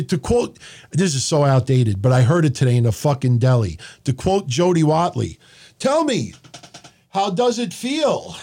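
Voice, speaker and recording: A man's voice: sits high, a little mellow. Blunt, profane New man. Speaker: podcast host. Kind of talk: casual monologue.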